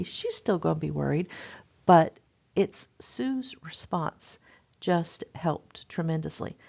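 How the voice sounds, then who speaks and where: Middle-aged woman, nursing instructor, conversational, emphatic, gravelly voice, dull lo-fi recording. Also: on the low side, mellow. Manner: conversational, emphatic, frequent fillers. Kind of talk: recorded lecture.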